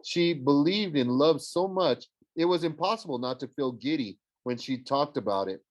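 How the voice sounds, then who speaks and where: A man narrating a first-person fantasy novel as an audiobook reader, in an even storytelling manner. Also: on the high side, normal speed, no echo.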